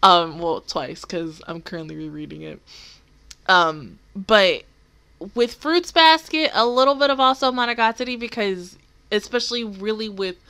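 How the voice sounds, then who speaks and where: A woman's voice: mid-range voice, pushed and bright. A young woman hosting an anime reaction video, rambling emotionally in casual commentary, with lots of fillers and some swearing. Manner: rambling and emotional, with many fillers and curse words.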